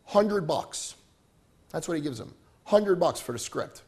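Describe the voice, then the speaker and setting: A male motivational speaker with a gravelly, high-pitched voice tells stories to a live audience at a venue, at a measured pace. He's animated and keeps checking in with "right?"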